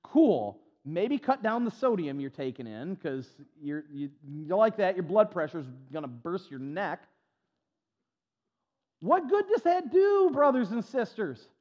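A man's voice: a little high, big pitch swings, measured pace, few pauses, a little mellow, long reverb tail, dull audio. A man preaching a sermon as pastor, emphatic and repetitive, with folksy humor and stuttered restarts.

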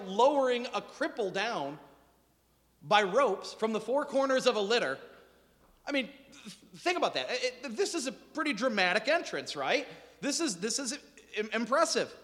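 A male pastor preaching to his congregation with a high, lively voice that leaps up and down as he acts out the lines. He jokes between points, and his words ring out with a long echo through the church hall. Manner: animated, joking asides, acts out quotes. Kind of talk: sermon. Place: church sanctuary. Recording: reverberant hall.

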